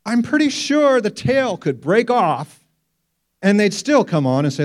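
Sex: man. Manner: animated preacher, fairly high voice. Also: moderate pace. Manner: animated storytelling, rhetorical questions. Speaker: pastor. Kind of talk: sermon.

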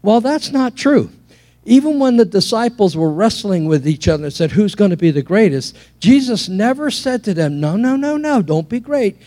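A man preaching in a church with a fairly high, warm, mellow voice. He tells lively stories from the pulpit, often restarting his sentences as he builds his points. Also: moderate pace. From England. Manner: animated preaching with storytelling and repeated restarts. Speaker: pastor. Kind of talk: sermon.

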